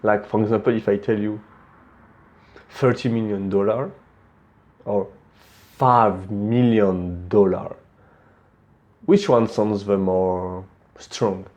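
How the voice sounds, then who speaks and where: A young man with a French accent giving casual speaking tips, plain-spoken and relaxed, often restarting words. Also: fairly low pitch, measured pace. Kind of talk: casual instructional talk.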